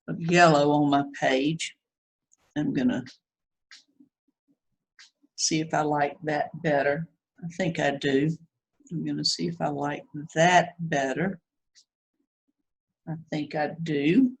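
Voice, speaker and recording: A woman demonstrates watercolor painting for beginners, talking unhurriedly as she works. She thinks aloud, second-guesses her strokes, and reassures her students in a relaxed, chatty way. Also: low-pitched, rough recording. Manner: chatty, self-critical, reassuring. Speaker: watercolor teacher.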